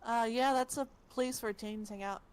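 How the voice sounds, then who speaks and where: A woman voicing a sardonic, restless young woman with a dry, deadpan delivery. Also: a little high, moderate pace, clear, resonant tone, close to an everyday voice.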